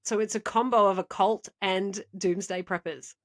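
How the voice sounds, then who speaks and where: In a relaxed podcast conversation, a female co-host spins a wandering, chatty story punctuated by frequent laughter. Her pitch is medium, her intonation fairly even, and her pace moderate.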